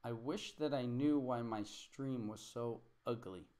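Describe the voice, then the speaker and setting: A man's voice: mid-range voice, unhurried, a little mellow. A man teaching a live English lesson, patiently repeating words and correcting student sentences.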